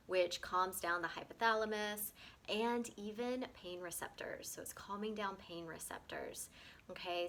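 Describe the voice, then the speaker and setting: A woman teaching a gentle breathwork lesson, often pausing to check in with "okay?" and repeating words as she explains. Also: fairly low pitch, slight background noise.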